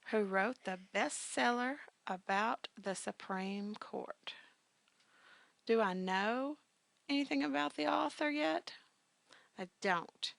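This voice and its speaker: A woman teaching business communications delivers a recorded grammar lecture in a conversational style, with frequent fillers and punchy, emphatic asides. Her voice is medium-pitched, gravelly and a bit bright, with no room sound.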